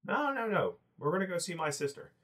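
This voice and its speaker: Man playing a nervous goblin, high pleading voice, insistent. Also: big pitch swings, brisk, a bit bright, far from the mic.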